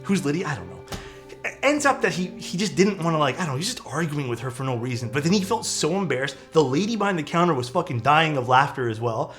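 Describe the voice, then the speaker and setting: A man streaming live, chatting casually and telling a story in a loose, profane, animated way. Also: fairly high pitch, quick pace, faint music behind. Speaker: streamer building keyboards. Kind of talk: casual livestream chat and storytelling.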